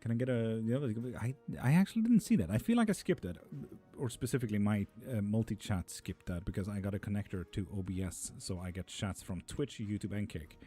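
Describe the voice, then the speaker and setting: A man's voice: lowish voice, lively intonation, brisk, hardly any pauses, mellow, husky, soft background music. A man reading tarot on a live stream, casually reading out chat messages and answering them offhand.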